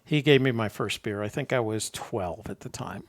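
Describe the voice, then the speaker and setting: A man's voice: on the low side, normal speed. An older man, chatting casually as a show host and rambling through stories while chuckling at himself. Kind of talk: casual chat.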